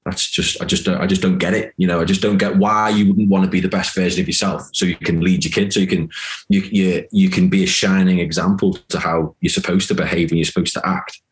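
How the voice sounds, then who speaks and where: A man's voice: sits low, fairly even intonation, a little fast. A man, a guest on a casual podcast, blunt and emphatic, swearing and voicing what others think.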